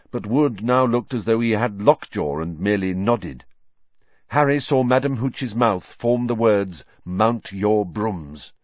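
Expressive male audiobook narrator, lowish voice, lively melody; dry, dull lo-fi recording. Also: no echo. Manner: expressive storytelling reading. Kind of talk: scripted narration.

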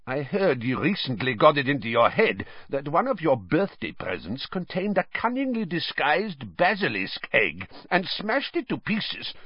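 A man's voice: on the high side, breathy edge, no echo, highs cut off, voice pushed up, full character voice. Karkaroff: a man playing a cold sneering headmaster.

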